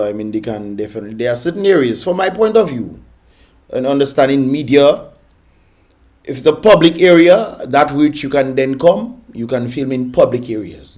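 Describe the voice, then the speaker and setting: A man's voice: medium pitch, a little mellow. A man hosting a reaction vlog, scolding and mocking with frequent laughter. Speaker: vlog host reacting to videos. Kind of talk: reaction commentary.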